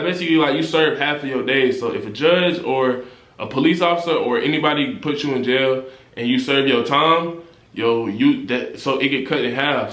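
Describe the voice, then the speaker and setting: A young man in casual storytime, telling his story in animated street slang and rising high when indignant. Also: reverberant. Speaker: vlogger.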